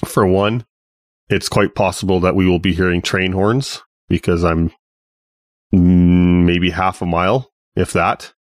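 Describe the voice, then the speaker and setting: A man's voice: deep voice, flat delivery, measured pace, dry recording. A man co-hosting a podcast, chatting casually and easygoing, with dry jokes. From Canada. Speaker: podcast co-host. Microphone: home studio mic.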